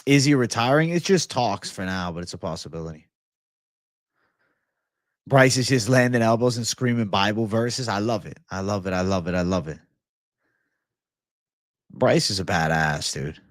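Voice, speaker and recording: A young man hosting an MMA livestream, chatting casually and reading comments in a profane, excitable bro style. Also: lowish voice, normal speed, long pauses, dry recording, clean studio sound. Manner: profane, excitable, laid-back bro talk.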